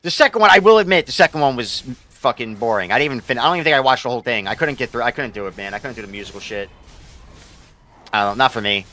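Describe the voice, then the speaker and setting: A man's voice: medium pitch, animated, rapid-fire, bright, forceful tone. A young man, a game streamer rambling casually and profanely while he answers his chat.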